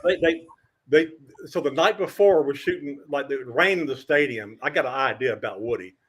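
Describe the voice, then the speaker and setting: An older man, a veteran sports writer, telling animated anecdotes as a guest, with stammering restarts and a husky voice. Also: mid-range voice, moderate pace. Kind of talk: animated storytelling.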